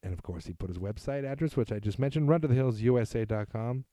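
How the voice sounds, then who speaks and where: Hosting a relaxed solo podcast, a man from New England rambles through listener emails, tossing in self-deprecating asides. He speaks fast with lively intonation and a mellow, medium-pitched voice, recorded dry at studio quality.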